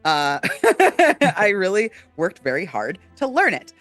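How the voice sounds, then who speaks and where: Bright-voiced man co-hosting a chat. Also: high-pitched, big pitch swings, moderate pace, no room sound, soft background music. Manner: earnest, many fillers, warm shout-outs. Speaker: co-host. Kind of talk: casual chat.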